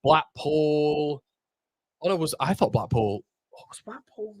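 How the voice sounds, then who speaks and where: A man chatting excitedly on a live stream, reacting to the chat and the football match as he watches. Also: on the high side, slow pace, no echo, studio quality.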